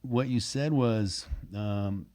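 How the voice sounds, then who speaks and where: A young man hosts a casual interview, his voice sitting low and mellow. He talks candidly and loosely, circling back on his thoughts and swearing without a second thought. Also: slow pace. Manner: candid, rambling, swears freely. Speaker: podcast host.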